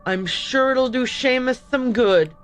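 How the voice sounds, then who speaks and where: A woman's voice: high-pitched, unhurried, soft background music. A woman voicing a devout, kindly female cook and housekeeper, speaking politely with a put-on accent she admits is not very good. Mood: reassuring. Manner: polite, deferential, says sir often.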